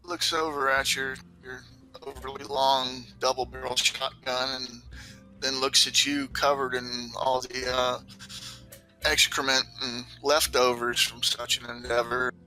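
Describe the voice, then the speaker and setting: Game master, man, very bright tone, easygoing rambling narration. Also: medium pitch, measured pace, soft background music, rough recording. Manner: relaxed rambling narration with fillers.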